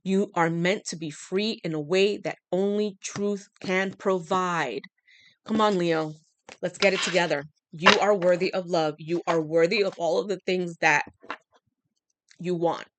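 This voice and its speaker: Coaxing woman tarot reader, low voice. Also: steady tone, a little slow, noisy background. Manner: emphatic, coaxing, talks straight to the listener. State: dry throat. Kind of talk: channeled tarot reading.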